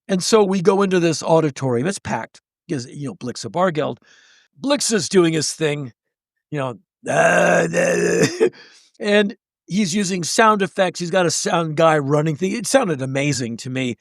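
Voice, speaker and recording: A man's voice: on the high side, creaky, no echo, studio quality. A man in his sixties, a podcast guest, telling a story animatedly and acting out the people in it. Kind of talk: storytelling in conversation.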